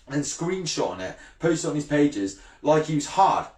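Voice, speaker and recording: A man's voice: a little high, big pitch swings, moderate pace, darkish tone, roomy sound. A brash man in his thirties, ranting bluntly and swearing freely in a casual vlog, often laughing. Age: 30s. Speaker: fishing channel vlogger.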